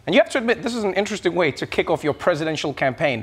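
A man hosting a comedy show, delivering a mocking, animated monologue. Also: fairly high pitch, rapid-fire, slightly rough. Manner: mocking, animated, slips into silly voices.

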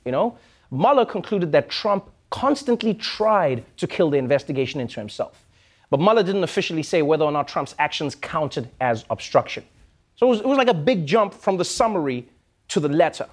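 A South African man hosting a late-night comedy show, delivering an animated, mocking monologue. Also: fairly high pitch. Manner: animated, mocking, quick asides. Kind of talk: stand-up monologue.

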